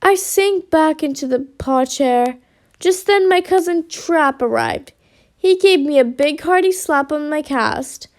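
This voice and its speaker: A woman reading a children's storybook aloud with lively expression. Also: sits high, measured pace.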